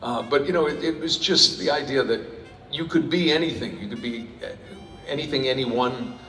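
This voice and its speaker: A man answers fan questions at a convention panel, talking in loose, jokey, self-interrupting sentences. His mid-pitched voice booms through a PA into a big echoing hall. The recording picks it up from far off, with faint music underneath. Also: moderate pace, fairly bright tone, slight background noise. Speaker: panel guest voice actor.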